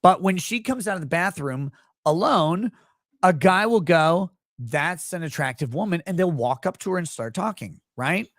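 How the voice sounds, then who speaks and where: A man's voice: high voice, no echo, clean studio sound. A middle-aged man hosting a show, telling a story in loose casual chat, swearing and laughing as he goes. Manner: animated, swearing, quick bursts, laughs while telling. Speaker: show host.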